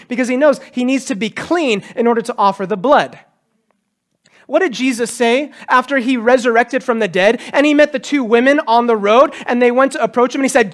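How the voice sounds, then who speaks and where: A man preaching a sermon as pastor, animated, acting out quotes with a raised voice. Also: very high-pitched, fairly quick. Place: church.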